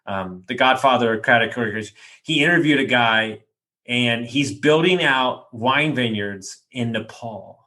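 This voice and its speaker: A man with a bright, forceful voice hosts a casual podcast chat. He tells his anecdotes with animation and a loose, slangy delivery. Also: medium pitch, a little slow. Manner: animated storyteller, slangy, says dude. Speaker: podcast host.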